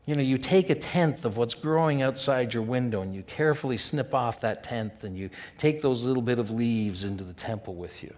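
A man's voice: mid-range voice, a little fast, hardly any pauses, darkish tone. A man preaching a sermon in an earnest, conversational way, often checking in with his listeners with rhetorical asides. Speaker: pastor.

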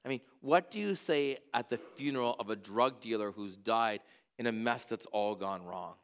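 A man preaching as a church pastor, telling stories in an earnest way and dropping to a hushed voice at moving moments. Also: medium pitch, normal speed. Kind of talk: sermon storytelling.

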